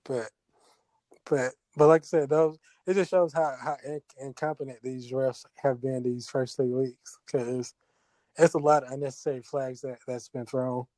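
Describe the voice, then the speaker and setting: Mellow, hesitant man talking sports. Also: mid-range voice, fairly even intonation, moderate pace, no room sound. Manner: hesitant, many restarts and fillers. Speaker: podcast co-host. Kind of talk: casual sports talk.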